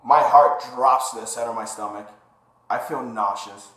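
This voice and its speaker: A man's voice: mid-range voice, moderate pace. Young man telling a story, roomy sound. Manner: animated retelling, acting out quoted dialogue. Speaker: vlogger. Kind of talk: casual storytelling to camera. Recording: roomy echo.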